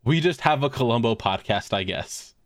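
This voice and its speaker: A man's voice: medium pitch, animated, moderate pace, no room sound, clean studio sound. A man telling a story on a podcast, laughing often and swearing as he goes. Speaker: podcast co-host. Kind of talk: casual storytelling chat.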